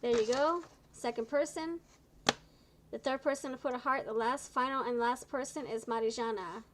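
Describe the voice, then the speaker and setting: A woman with a slightly high voice hosts a live tarot reading, speaking in a chatty, encouraging way. She sounds tired and low on energy, and sometimes stumbles over her words. A faint hiss of noise sits under her voice. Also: normal speed, rough recording. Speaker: tarot reader.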